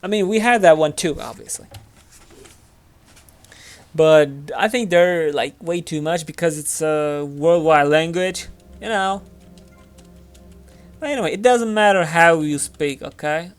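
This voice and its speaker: Speaking English with a Turkish accent, this gaming channel host from Turkey chats casually over his gameplay, wandering from point to point and using lots of fillers. His slightly high, smooth voice goes a little slowly, broken by long pauses, with faint music behind him.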